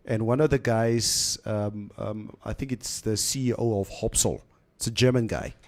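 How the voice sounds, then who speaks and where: Animated radio host. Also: male voice, on the low side, normal speed. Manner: animated, slips into Afrikaans phrases. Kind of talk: casual chat, reading listener comments.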